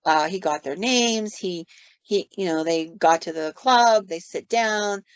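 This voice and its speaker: Speaking at a measured pace in a smooth, lowish voice, a female podcast co-host tells ghost stories in a relaxed, chatty manner with fillers and quoted asides. There's no room sound, and the recording is muffled, dry, dull, and lo-fi.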